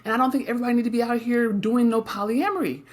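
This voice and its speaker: A middle-aged woman co-hosts a casual podcast conversation. She speaks frankly and with emphasis, and keeps turning to her partner with quick tag questions. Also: on the high side. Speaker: podcast co-host.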